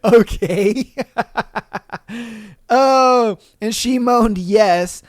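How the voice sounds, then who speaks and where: A podcast host who reads listener stories aloud and reacts with loud laughter and plenty of swearing. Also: medium pitch, drawn-out words, dry recording, studio quality. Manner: profane, laughing, animated reactions.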